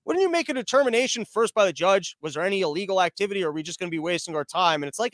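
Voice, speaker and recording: A man hosting a live-streamed podcast, ranting loudly and sarcastically, a bit out of breath from pacing and yelling. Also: sits high, lively intonation, racing, few pauses, dry recording, clean studio sound. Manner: sarcastic, loud, mocking. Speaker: podcast host.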